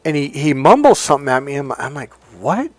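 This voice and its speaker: A middle-aged man giving an emphatic, profane motivational talk as a relationship coach. He swings between loud commands and quiet asides. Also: mid-range voice, animated, fast talker, no echo, studio quality.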